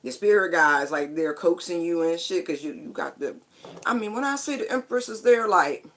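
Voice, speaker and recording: A woman's voice: fairly low pitch, expressive, moderate pace, a bit bright. A woman giving a casual spiritual tarot reading, chatty and emphatic, with casual swearing. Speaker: tarot card reader.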